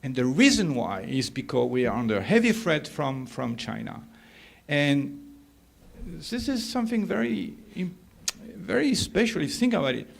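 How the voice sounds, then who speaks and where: A man's voice: fairly high pitch, big pitch swings, normal speed, gravelly, slight background noise. A man speaking as a sociologist in an academic workshop discussion, hesitant with many fillers and turning emphatic.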